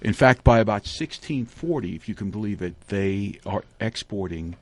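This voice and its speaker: Lawyer guy on the radio, kinda low voice, calm explaining, dry studio. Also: normal speed, hardly any pauses, dry recording. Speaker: guest, lawyer. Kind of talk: casual radio interview.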